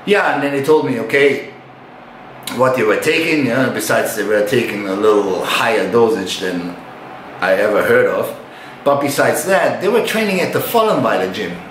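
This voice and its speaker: A man's voice: medium pitch, animated, moderate pace, a bit bright, slight background noise. An older man telling a story about his past in casual, profane speech, acting out his own reactions. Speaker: retired bodybuilder. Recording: roomy echo.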